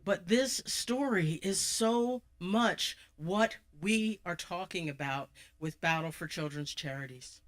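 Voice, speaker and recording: Animated live storyteller retelling a Bible story. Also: medium pitch, takes it slowly, hardly any pauses. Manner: conversational, with shifts in pace and loudness and asides to the audience. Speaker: speaker at a charity event. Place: live event venue.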